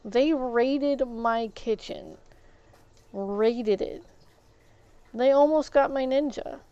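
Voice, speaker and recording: Slow-talking indignant woman streamer. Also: high-pitched, warm tone, highs cut off. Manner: venting, indignant, full of fillers and restarts. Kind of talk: casual rant to a live stream.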